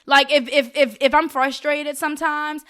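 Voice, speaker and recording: A woman guest on a casual podcast, with a high voice that sits well above most women's. Her tone is bright, and she talks openly, swearing now and then. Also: little pitch movement, normal speed. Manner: open and chatty, swears casually. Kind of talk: casual chat.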